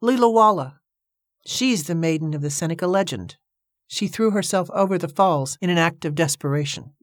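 Narrator doing a calm knowing woman, explanatory, even, audiobook. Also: lowish voice, normal speed, no room sound, clean studio sound, lightly acted. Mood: explaining.

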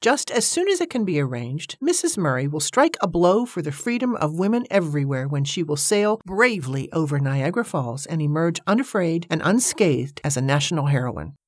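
A haughty suffragist leader who declaims every sentence like a public speech, as a woman narrator puts her on. The voice is raised and insistent, set over a low, dry reading voice. It is close and clean, with no room around it. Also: sing-song, a little fast, few pauses, no echo. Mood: indignant, declaiming. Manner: pompous, declaiming. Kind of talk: audiobook character reading.

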